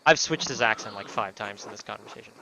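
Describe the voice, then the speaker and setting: Bright-voiced man playing a game. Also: fairly low pitch, fast, vocal fry, slight background noise, poor audio. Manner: casual, sweary, wry asides. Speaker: streamer. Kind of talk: let's-play commentary.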